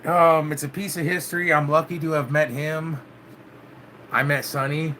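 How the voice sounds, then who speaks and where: Bright-voiced dude vlogging loose to his viewers, says man a lot, faint hiss behind. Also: fairly high pitch, level tone, normal speed. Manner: laid-back, swears, keeps saying "man". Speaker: channel host. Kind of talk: casual vlog chat with live viewers.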